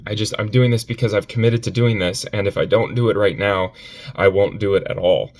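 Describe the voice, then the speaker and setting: A man giving a confessional vlog on his phone, upset and near tears, speaking haltingly and repeating himself between sighs. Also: on the low side, steady tone, darkish tone. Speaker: vlogger.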